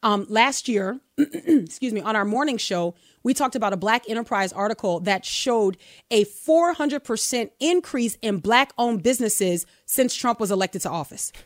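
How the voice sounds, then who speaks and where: A woman co-hosting a talk radio show, telling a story in an animated, emphatic way. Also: on the high side, moderate pace, dry recording, studio quality. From United States. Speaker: radio co-host.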